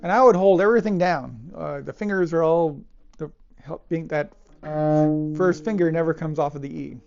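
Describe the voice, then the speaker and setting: A cello teacher with a slightly high voice and vocal fry gives a casual lesson at a moderate pace, talking thoughtfully and hesitantly with fillers and restarts. The recording is dull lo-fi, with loud cello playing in the background.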